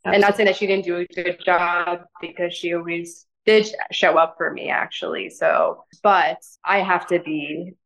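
A woman speaks as a guest on a podcast, her voice sitting a little low. Her talk is gentle and soft-spoken but rambling, packed with "like" and "you know" as she works through her thoughts. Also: steady tone, a little slow, few pauses, muffled recording. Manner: rambling, filler-heavy with frequent "like". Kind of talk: casual interview conversation.

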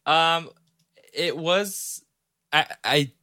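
A young man co-hosting a movie podcast, talking slowly and hesitantly with many fillers in casual chat. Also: on the high side, bright, forceful tone, no room sound, studio quality. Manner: hesitant, many fillers and restarts, slow and careful. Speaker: podcast co-host.

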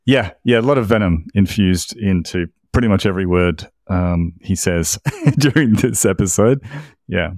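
A man's voice: deep voice, moderate pace, a little mellow, no room sound, studio quality. A man co-hosting a podcast, chiming in with agreeable, laid-back comments. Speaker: podcast co-host. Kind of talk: casual chat.

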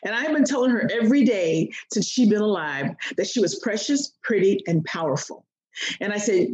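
A woman coach, a podcast guest, telling a story expressively and acting out the quotes. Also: normal speed. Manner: expressive, acts out quotes with big pitch swings. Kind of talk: animated storytelling in an interview. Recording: roomy echo.

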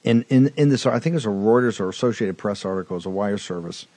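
A man's voice: on the low side, quick pace, warm tone, no room sound. Male talk host, fiery and emphatic, hammering points home, dry studio mic. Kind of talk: political talk show commentary.

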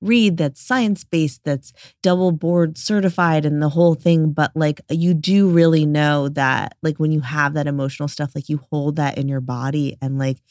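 A woman's voice: low-pitched, steady tone, moderate pace, few pauses, dry recording, clean studio sound. A woman hosting a wellness interview podcast, chatty and enthusiastic, often saying "like". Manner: warm, enthusiastic, says "like" often. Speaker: podcast host. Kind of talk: casual interview chat.

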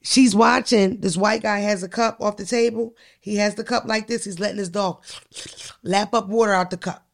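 Gravelly, blunt woman. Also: medium pitch, fairly even intonation, moderate pace. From Philadelphia. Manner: profane, blunt storyteller. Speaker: podcast co-host. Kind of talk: casual podcast chat.

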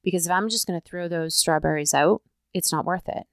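A woman's voice: fairly low pitch, fairly quick, no echo, studio quality. A woman hosting a talk show, speaking casually and emphatically, often checking in with the listener. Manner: emphatic, conversational, keeps asking "right?". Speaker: podcast host.

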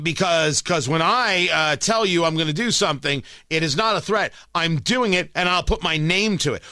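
Emphatic high-voiced talk radio host man. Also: pushed and bright, no echo, clean studio sound. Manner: emphatic, combative, repeats lines for punch. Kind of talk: opinionated talk radio monologue.

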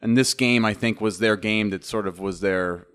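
A man, a former football player, explaining his views as a guest on a sports podcast in a measured way. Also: on the low side, a bit bright, clean tone. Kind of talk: casual sports talk.

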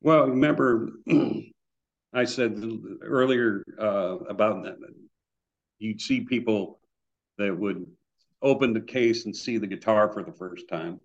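A fairly low-pitched man spins casual anecdotes, acting out the voices of the people in them. His audio is dull and lo-fi, as if from a remote call. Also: slow. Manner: animated anecdotes with acted-out quotes. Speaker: guitar builder guest. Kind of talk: casual storytelling.

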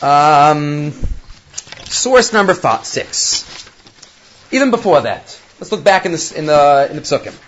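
A man teaching a Torah class in a lively lecturing manner, acting out quoted voices and weaving in Hebrew terms. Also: a little high, a little slow, pauses often, slight background noise. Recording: dull lo-fi recording.

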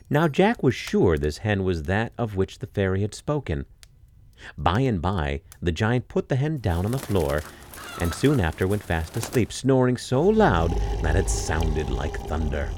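A man narrating a fairy tale in an expressive, dramatic storytelling manner. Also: deep voice, a little hiss or hum.

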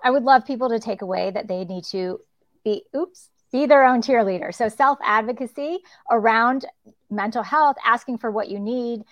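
A woman's voice: on the high side, moderate pace, no room sound. A woman executive coach speaking as a panel guest in a direct, encouraging way. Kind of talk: panel discussion.

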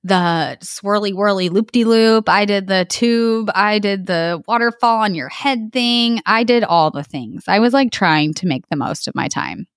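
A woman's voice: medium pitch, a little slow, few pauses, no room sound. Bubbly woman podcast co-host, dry sound. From New Mexico. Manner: bubbly storytelling, many likes, laughing. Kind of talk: casual podcast chat. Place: hotel room.

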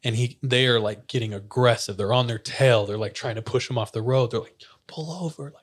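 A man's voice: medium pitch, steady tone, fairly quick. Young male podcast host, casual storyteller, chatty with fillers, laughs often.

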